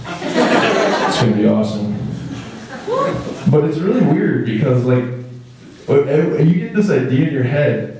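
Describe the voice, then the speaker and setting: A young man performing a stand-up comedy set, rambling and acting out characters in quick put-on voices. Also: mid-range voice, warm tone. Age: young adult. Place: comedy stage in a hall. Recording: echoey hall, mic far off.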